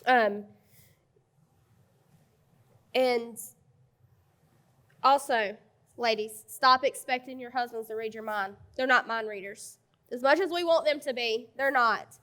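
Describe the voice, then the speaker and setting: Frank woman with a high voice. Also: takes it slowly, long pauses, pushed and bright. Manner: direct, frank, laughing asides. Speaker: co-presenter at a marriage conference. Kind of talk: conversational church talk.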